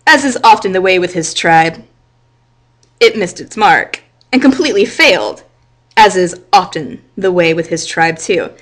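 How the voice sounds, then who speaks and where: A woman who teaches high school English, explaining a novel to her class in a chatty way, with lots of "like" and "right?". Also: lively intonation, a little slow, fairly bright tone. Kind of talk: literature lecture with reading aloud.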